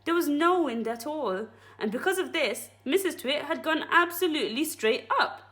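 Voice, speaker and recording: A woman teacher reading a children's book aloud at story time, friendly and expressive. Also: high-pitched, normal speed.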